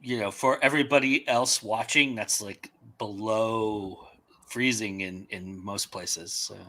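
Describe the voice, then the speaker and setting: A man hosting a casual livestream chat over a video call, animated and excitable. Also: on the low side, measured pace. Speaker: livestream host.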